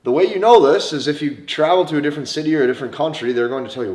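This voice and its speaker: A man's voice: mid-range voice, expressive, racing, hardly any pauses, a little mellow. Emphatic North Dakota man coaching. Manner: emphatic, repeats key phrases, frequent "okay?". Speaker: dating coach. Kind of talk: instructional talk to camera. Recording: echoey room.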